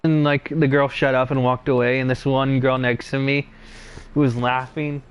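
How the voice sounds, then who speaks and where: A young man who runs a channel recounts his own stories casually, rambling and hesitating with plenty of fillers and restarts. His medium-pitched voice stays level at a moderate pace, and the lo-fi recording carries slight background noise.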